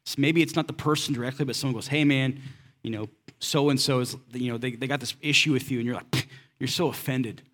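A man's voice: medium pitch, fairly even intonation, quick pace, a bit bright. A man preaching a sermon in a casual, conversational way, asking the congregation rhetorical questions and slipping in everyday slang. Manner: casual and direct, slips in slang. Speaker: pastor.

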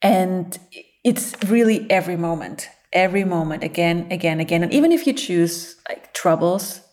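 Lowish-voiced lady psychologist doing a motivational talk, jokey, laughs a lot, keeps cheering you on. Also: moderate pace. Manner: playful and expressive, laughs often; encouraging, speaks in loose flowing phrases. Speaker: psychologist and speaker.

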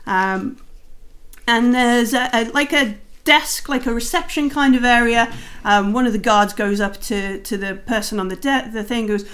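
A woman's voice: a little high, slow, a bit bright. Rambling woman game master. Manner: rambling, many fillers and hedges. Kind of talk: narrating a tabletop game.

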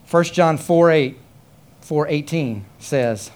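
A man preaching a sermon, telling a story with many repeated phrases and rising to loud, high emphasis. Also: animated, normal speed. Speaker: pastor.

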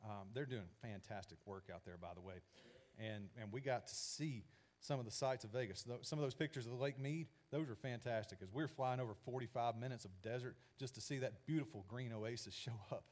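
A man's voice: medium pitch, brisk, a little mellow. Conversational, emphatic male preacher. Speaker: pastor. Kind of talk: sermon.

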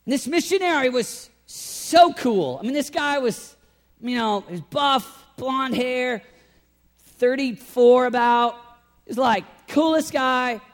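A man preaching a sermon as pastor, talking in an animated way and swinging from loud emphasis to quiet intensity. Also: very high-pitched, slow pace. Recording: long hall reverb.

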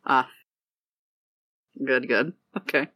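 A player acting out a character in a tabletop game with an over-the-top, deadpan delivery. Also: medium pitch, takes it slowly, dry recording. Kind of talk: in-character tabletop role-play.

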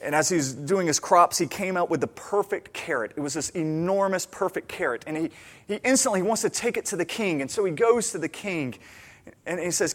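A man's voice: high-pitched, a little fast. A man preaching a sermon, telling stories and acting out the people in them. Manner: animated storytelling, acting out characters' lines. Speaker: pastor.

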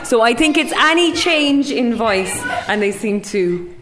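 A woman's voice: fairly high pitch, lively intonation, noisy background. A middle-aged woman with an Irish accent, a primary school teacher thoughtfully explaining her views on learning in an interview. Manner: thoughtful, earnest, measured. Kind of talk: reflective interview answers.

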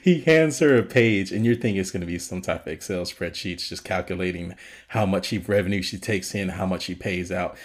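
A man's voice: low voice, fairly quick. A man co-hosting a podcast, casually retelling a film's scenes and laughing often. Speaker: podcast co-host. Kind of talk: casual film review chat.

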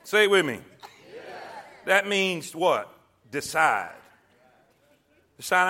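A middle-aged man preaches in a church, his voice sitting very high and ringing bright. He talks in a folksy, call-and-response way, asking the room for amens and telling homespun stories. He rises into loud bursts when he voices what God says. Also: sing-song, takes it slowly. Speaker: pastor. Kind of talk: sermon. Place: church sanctuary.

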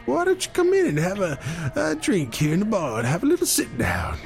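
Man putting on a frontier saloon woman, high put-on drawl, lively sing-song delivery, a gravelly edge under it, faint music behind. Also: brisk, heavily acted. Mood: friendly.

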